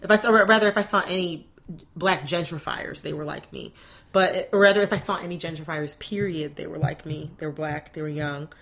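A young woman in casual conversation, speaking in an animated, chatty way. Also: deep voice, creaky. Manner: animated, chatty, quick to laugh.

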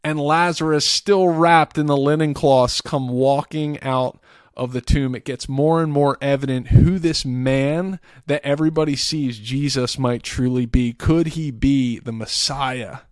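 A man's voice: medium pitch, steady tone, measured pace, no echo, clean studio sound. A man hosting a podcast, earnestly retelling a scripture story in a casual way, often repeating and restarting words. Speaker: podcast host. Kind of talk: faith talk, retelling scripture.

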